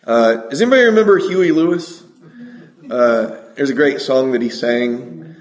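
A middle-aged man preaching a sermon, energetic and asking the congregation questions. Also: mid-range voice, moderate pace, roomy sound.

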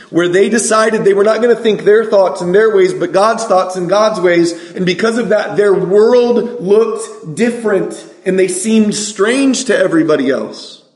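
A man from California preaching a sermon, asking the congregation questions and reciting scripture slowly. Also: high voice, echoey room. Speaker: pastor.

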